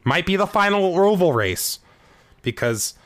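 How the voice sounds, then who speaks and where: A man co-hosting a podcast in casual, jokey chat, his voice jumping up when he gets excited. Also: measured pace, no echo. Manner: animated, jokey, pitch jumps up when excited. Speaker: podcast co-host.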